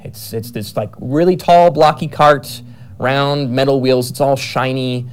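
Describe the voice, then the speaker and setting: A man's voice: mid-range voice, steady tone, a little slow, clean tone. Rambling man with lots of fillers. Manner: rambling, many fillers and self-corrections. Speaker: writer describing his novel. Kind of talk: casual chat.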